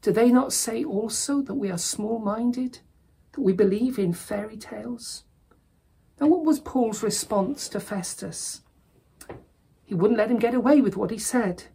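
A woman's voice: fairly high pitch, creaky, mellow, breathy edge. A woman preaching a sermon in an earnest manner, rising to emphatic.

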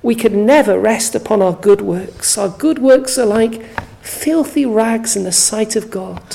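Slow, mellow-voiced woman preaching a sermon. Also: mid-range voice, creaky, a little hiss or hum, rough recording. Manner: slow, earnest, questioning the listener.

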